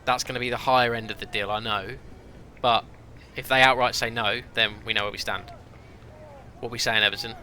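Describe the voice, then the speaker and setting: A man's voice: mid-range voice, steady tone, a little fast, pushed and bright, slight background noise. A young man chatting to his viewers as he streams a football management game, thinking aloud, ranting and reacting as he goes. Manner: chatty, talks to viewers, rants and exclaims. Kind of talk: casual gameplay commentary.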